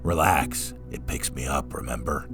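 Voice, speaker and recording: A man's voice: a bass voice, normal speed, over music. A man reading aloud, voicing a reckless, playful young man who talks in a sly, coaxing way.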